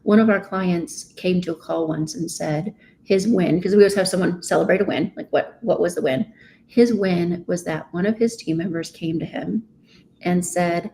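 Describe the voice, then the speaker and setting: A woman's voice: lowish voice, moderate pace, vocal fry, dark tone. Woman guest coach, emphatic, podcast interview, faint hiss. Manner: emphatic, repeats "right?", laughs often. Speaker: author and business coach, guest.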